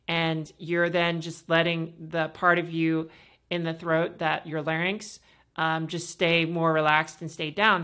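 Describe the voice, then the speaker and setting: A woman hosting a podcast, explaining voice practice in a casual, instructive way with many fillers and a pitch that moves up and down. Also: pushed and bright. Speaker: podcast host and voice coach.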